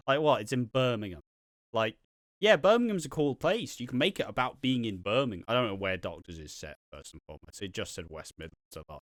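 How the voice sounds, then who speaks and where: Guy co-hosting a podcast, mid pitch, pretty dry sound, gets worked up. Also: a little fast, no room sound. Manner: animated, opinionated, sweary. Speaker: podcast co-host. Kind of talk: casual chat.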